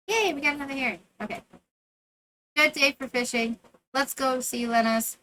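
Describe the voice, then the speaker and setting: A woman's voice: high voice, moderate pace, pauses often, pushed and bright. A woman streamer giving casual gameplay commentary, playfully talking to the game characters and to herself.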